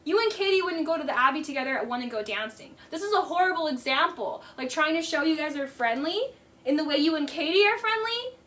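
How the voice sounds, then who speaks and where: A woman's voice: high voice, expressive, fast talker, pushed and bright. A woman giving casual, emphatic commentary on a reality TV episode, often exasperated and mimicking the people she quotes.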